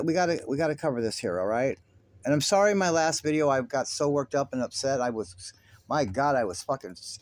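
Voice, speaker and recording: A man hosting his own online commentary, talking in an agitated, halting way with many restarts and swearing. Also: fairly high pitch. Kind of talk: rambling religious commentary.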